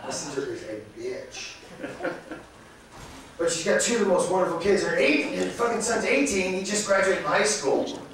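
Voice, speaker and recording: A man doing a stand-up set in a small club, from Massachusetts, rambling with many fillers and bursts of shouting. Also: high-pitched, lively intonation, normal speed. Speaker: stand-up comedian. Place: small comedy club, live audience. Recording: very echoey room, distant mic, faint noise.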